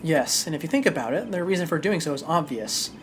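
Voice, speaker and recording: A streamer voicing a precise, composed male prosecutor with measured, formal delivery while reading a game aloud. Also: medium pitch, expressive, a little hiss or hum, lightly acted.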